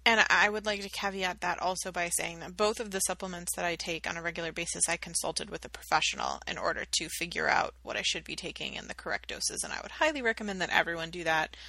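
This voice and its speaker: A woman's voice: lowish voice, creaky, pushed and bright, no echo, low-quality recording. A woman co-hosting a casual health podcast, chatting and reading out listener questions. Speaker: podcast co-host.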